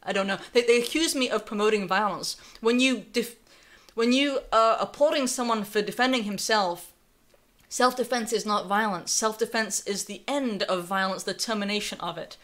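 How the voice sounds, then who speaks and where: A woman's voice: mid-range voice, moderate pace, a bit bright. A young woman with a North Carolina accent hosting a live stream, giving sarcastic, conversational commentary and reading viewer messages aloud. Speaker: livestream host.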